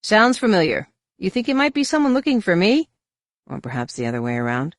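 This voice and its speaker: A man's voice: high voice, huge pitch swings, fairly quick, dry recording, studio quality, pitched above the performer's own voice, exaggerated voice. A man voicing a cocky middle-aged human smuggler, brash and gloating, in an audiobook reading. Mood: sly.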